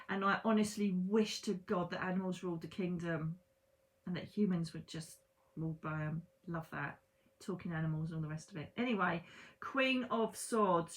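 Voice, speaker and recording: A woman's voice: medium pitch, a bit bright. Bubbly woman reading tarot cards. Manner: bubbly, exclamatory, talks straight to viewers. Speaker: psychic tarot reader. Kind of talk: chatty tarot reading to camera. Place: at home in bed.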